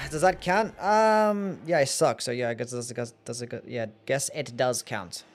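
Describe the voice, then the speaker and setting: A man's voice: mid-range voice, a little slow, faint music behind. A man with an Australian accent, chatting casually to his viewers while streaming a game, joking and swearing freely. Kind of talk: casual gaming livestream chat.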